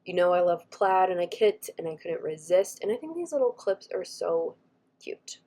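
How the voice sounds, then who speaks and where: A woman, chatting warmly and gushing as she walks through her planner stickers, her voice a little scratchy from a cold. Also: on the low side, big pitch swings, normal speed. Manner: gushing, chatty, frequent soft asides. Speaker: planner vlogger. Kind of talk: casual chat over a craft video.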